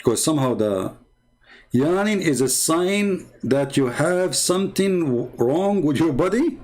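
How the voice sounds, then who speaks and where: A man's voice: fairly high pitch, expressive, a little slow, a little mellow. A man hosting an online commentary show, speaking in a mocking, argumentative way. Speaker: host.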